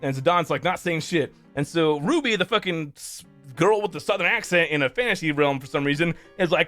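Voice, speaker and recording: A man with a high voice recaps a game's plot in a rambling, profane way, restarting sentences as he goes. Faint guitar music sits quietly behind him. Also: animated, brisk. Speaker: streamer. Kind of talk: casual game story recap.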